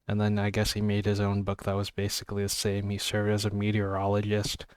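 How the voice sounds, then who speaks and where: A man's voice: fairly low pitch, completely flat delivery, brisk, a little mellow, clean tone, dry recording. A young man reading book blurbs aloud in a casual vlog, with offhand jokey asides and stumbles over words. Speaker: book vlogger.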